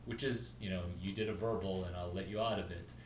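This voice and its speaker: A man's voice: low voice, steady tone, a little fast, roomy sound, far from the mic, a little hiss or hum, poor audio. A man hosting his own video, telling a story in a rambling, casual way that jumps between topics and stops to spell out names. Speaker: video host.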